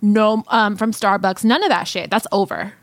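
A woman's voice: medium pitch, normal speed, no echo. A woman co-hosting a podcast in casual chat, playful and giggly, swearing freely. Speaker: podcast co-host.

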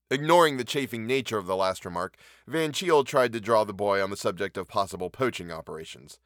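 A man reading a classic short story aloud, measured and wry. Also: on the low side, animated, fairly bright tone, dry recording, clean studio sound. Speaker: narrator.

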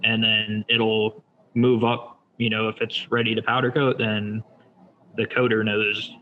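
A man walking someone through his shop's job software in a relaxed, step-by-step way with many fillers. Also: fairly low pitch, measured pace, phone-quality sound, slight background noise. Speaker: shop owner demonstrating software. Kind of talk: casual screen-share demo.

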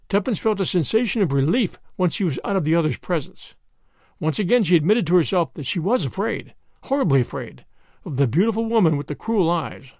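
Brief: male audiobook narrator, high and animated, close dry sound. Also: brisk, dry recording. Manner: expressive storytelling. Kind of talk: scripted narration.

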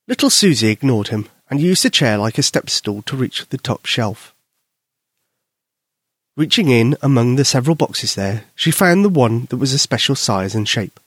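A man gently and expressively reading a children's bedtime story aloud. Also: mid-range voice, animated, normal speed, breathy edge, no room sound, clean studio sound. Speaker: narrator.

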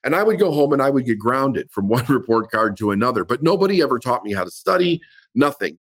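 A man's voice: mid-range voice, very animated, quick pace, fairly bright tone, no echo. A middle-aged man telling his own life story in an interview, candid and reflective. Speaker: business coach guest.

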